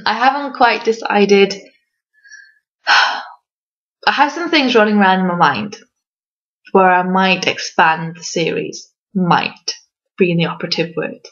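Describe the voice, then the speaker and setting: Slow, hesitant woman from Wales, muffled. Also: medium pitch, a bit bright. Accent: fairly neutral English, from Wales. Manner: hesitant, many ums, light self-mocking laughs. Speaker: author answering reader questions. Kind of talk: casual Q&A vlog.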